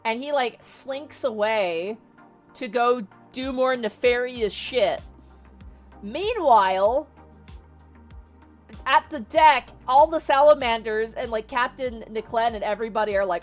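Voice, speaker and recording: A woman casually retelling a story, animated and swearing, with lots of "like" fillers. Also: on the high side, normal speed, soft background music. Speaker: streamer.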